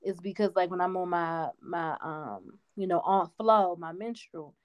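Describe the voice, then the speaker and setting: A woman's voice: lowish voice, steady tone, a little slow. A woman co-hosting a candid podcast chat, talking openly about her feelings with frequent giggles and a reflective tone. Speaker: podcast co-host.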